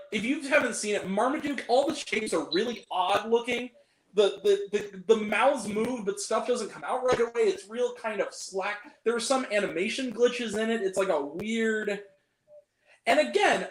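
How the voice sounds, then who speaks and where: A young man co-hosting a casual live movie chat, laughing often and slipping into goofy voices when he quotes people. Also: high-pitched. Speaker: movie review co-host. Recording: echoey room.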